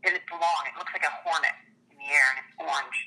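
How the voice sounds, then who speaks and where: A woman's voice: sits low, fast, vocal fry, sharp tone, poor audio. A woman telling a story in casual chat, chatty and laughing often. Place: small town.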